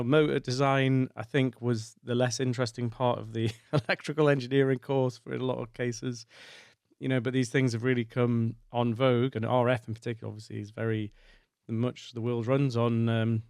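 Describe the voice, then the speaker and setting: A man's voice: medium pitch, no room sound. Guy in his 40s hosting a tech podcast, rambly questions, dry recording. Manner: rambling, uses many fillers. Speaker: podcast host. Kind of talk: podcast interview.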